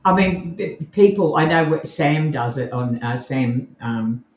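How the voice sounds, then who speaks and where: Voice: medium pitch, expressive, a little slow, a little mellow. Chatty Australian podcast co-host, roomy sound. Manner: chatty, enthusiastic, laughs easily. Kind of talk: casual live podcast chat. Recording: roomy echo.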